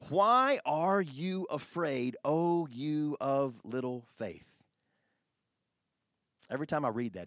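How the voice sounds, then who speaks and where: A pastor preaching a sermon, animated, swinging from hushed asides to loud exclamations. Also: male voice, mid-range voice, no echo, studio quality.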